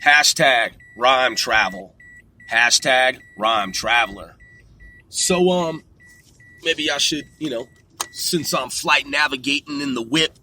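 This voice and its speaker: A man's voice: medium pitch, expressive, slow pace, pushed and bright, a little hiss or hum. A man hosting a rambling solo talk from a car, loose and profane, laughing at himself. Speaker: podcast host.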